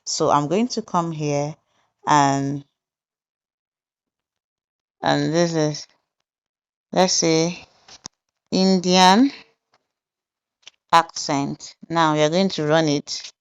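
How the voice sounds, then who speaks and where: A woman hosting a software tutorial, explaining each step deliberately and pausing with fillers as she goes. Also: low-pitched, steady tone, smooth, dull audio. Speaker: tutorial host. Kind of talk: screen-recorded software tutorial narration.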